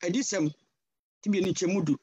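A man with a Ghanaian accent preaching a sermon over a video call, passionate and switching between English and Twi with sudden loud cries. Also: high voice, a little fast, breathy edge, dry recording. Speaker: guest pastor.

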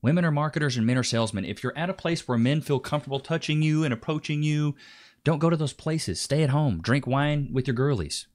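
A man's voice: on the high side, fairly quick, darkish tone. Wry young man reacting to clips. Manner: wry, mocking asides. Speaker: commentary host. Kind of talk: reaction commentary.

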